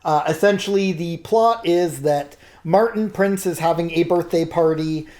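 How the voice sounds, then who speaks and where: A man's voice: fairly high pitch, measured pace, a little mellow. A young man hosting a casual chat, rambling with many fillers and laughing often. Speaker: host.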